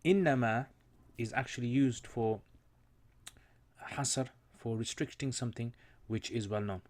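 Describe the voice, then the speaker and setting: Brief: male teacher, mid-pitched, unhurried explanations, pauses and restarts often. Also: a little mellow. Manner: explanatory, pausing with fillers. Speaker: Islamic studies teacher. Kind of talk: informal recorded lesson.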